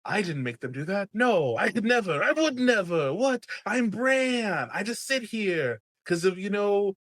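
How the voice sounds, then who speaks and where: A man's voice: high-pitched, lively intonation, unhurried, fairly bright tone, no room sound, clean studio sound, pitched above the performer's own voice. A man voicing a whiny, moody young boy lord who sulks and pities himself. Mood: indignant. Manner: sulky, self-pitying. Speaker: podcast host.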